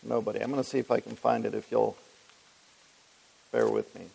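A man's voice: lowish voice, flat delivery, a little fast, creaky, warm tone, slightly rough. A man teaching through a Bible passage in a conversational way, reading scripture aloud and putting questions to his listeners. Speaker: preacher. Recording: long reverb of a large hall.

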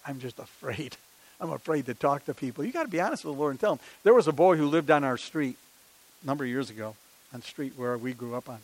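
A man's voice: fairly high pitch, animated, fast talker, rough recording. An older man, preaching a sermon in a conversational style with many rhetorical questions and personal stories.

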